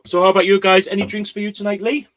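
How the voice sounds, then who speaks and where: A man's voice: high voice, little pitch movement, rapid-fire, fairly bright tone. A man hosting an online quiz, chatting casually and telling a rambling story with lots of fillers and restarts. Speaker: quiz host. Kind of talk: casual chat.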